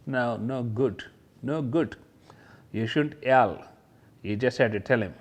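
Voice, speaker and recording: Speaking slowly in a sing-song way, a medium-pitched man teaches kindergarteners. He talks directly to the children about letters and toys and imitates sounds.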